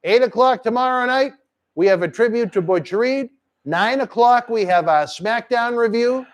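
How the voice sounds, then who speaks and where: A man's voice: extremely high pitch, normal speed. A man hosting a live wrestling chat stream, rattling off promotions and crude jokes. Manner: brash promotional patter and crude teasing. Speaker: host.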